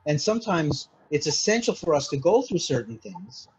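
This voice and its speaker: A man's voice: on the high side, sing-song, normal speed, slightly rough, rough recording. A man from Malta, a mindset consultant, explaining earnestly in a casual interview, often restarting and saying "you know". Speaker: mindset consultant, podcast guest.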